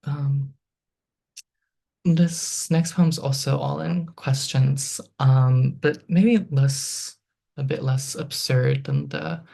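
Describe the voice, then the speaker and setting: A poet in their thirties reads their own work aloud at a steady middle pitch, stepping through long lists and strings of questions line by line. Between poems the voice drops into loose, chatty asides full of ums. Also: creaky. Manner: reads lines in a halting, list-like rhythm. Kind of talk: poetry reading.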